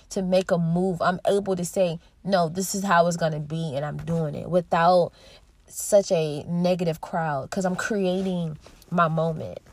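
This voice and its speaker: A woman in her thirties hosting a podcast, talking alone in an earnest, heartfelt way with pauses and restarts. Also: on the low side, no room sound. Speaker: podcast host. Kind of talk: reflective solo monologue.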